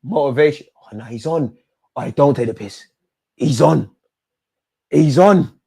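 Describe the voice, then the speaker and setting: A young man hosting a live football watch-along, talking at the players on screen and yelling at big moments. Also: mid-range voice, normal speed, creaky, breathy edge. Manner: excitable, talks to the players on screen; shouts and yells at goals and chances.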